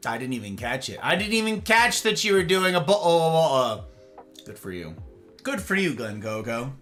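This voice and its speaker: A man's voice: fairly high pitch, sing-song, normal speed, a bit bright, soft background music. A man hosting a livestream, chatting casually and reading and answering his viewers' messages aloud. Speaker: livestream host.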